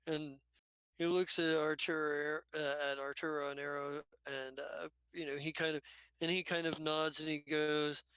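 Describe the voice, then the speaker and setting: Bright-voiced man running a tabletop game. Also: on the high side, flat delivery, moderate pace, clean tone, dry recording, poor audio. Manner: rambling, many restarts. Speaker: game master.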